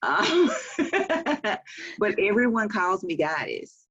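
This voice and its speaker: A woman's voice: mid-range voice, huge pitch swings, takes it slowly, fairly bright tone, slightly rough, no echo, highs cut off. A woman in her forties with a Southern US accent, an author talking about her work in a casual interview, chatty and laughing often. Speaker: author and publisher.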